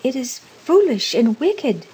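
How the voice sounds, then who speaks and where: A trembling old man, frightened and faltering, as a woman reads him out. His words come slow and breathy, hushed and unsteady. A storybook reading. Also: fairly low pitch, poor audio.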